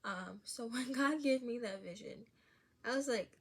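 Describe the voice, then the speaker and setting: A woman hosting a casual faith podcast, telling stories in an animated way, often laughing and dropping to a whisper. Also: a little high, unhurried, creaky, breathy edge. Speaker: podcast host.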